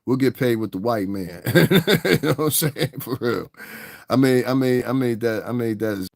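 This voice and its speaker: A man's voice: medium pitch, animated, normal speed, vocal fry, darkish tone, no echo, studio quality. A man hosting a livestream, ranting angrily and combatively with heavy profanity. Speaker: livestream host. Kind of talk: casual livestream rant.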